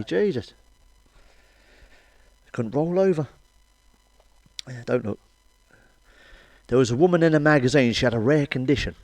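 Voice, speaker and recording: Middle-aged bloke doing dirty jokes, deadpan, swears a lot, dead dry room. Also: male voice, mid-range voice, moderate pace, long pauses, dry recording. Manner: blunt, sweary, deadpan asides. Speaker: stand-up comedian. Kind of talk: crude stand-up one-liners.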